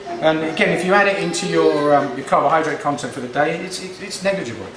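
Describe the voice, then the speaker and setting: A man's voice: on the high side, fast talker, noisy background. A man, casually talking through a home cooking demonstration in a chatty, rambling way. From England. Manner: chatty, rambling, with frequent restarts. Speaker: home cook host. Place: home kitchen. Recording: echoey kitchen, distant mic, frying sizzle.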